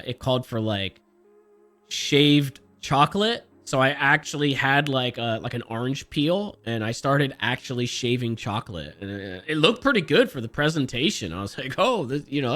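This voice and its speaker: A man's voice: mid-range voice, sharp tone. A man streaming, telling a rambling, profane story in an exasperated, self-mocking way and laughing at himself.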